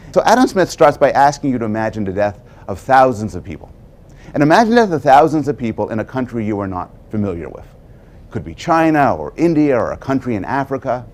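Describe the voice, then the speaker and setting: A man's voice: mid-range voice, a little mellow. A man giving a prepared public lecture, telling stories wryly and posing rhetorical questions.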